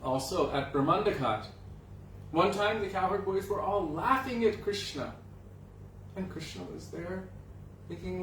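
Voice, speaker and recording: A man telling a devotional story to a gathering in an animated way, acting out the voices of the characters. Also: on the high side, normal speed, slight background noise. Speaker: spiritual teacher. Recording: roomy echo, distant mic, faint ambience.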